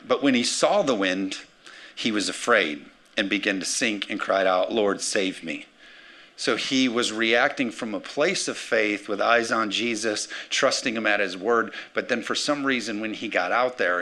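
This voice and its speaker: A man preaching a sermon as pastor, energetic, calling for amens and acting out the words of scripture figures. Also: lowish voice. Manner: energetic, calls for amens, acts out quotes.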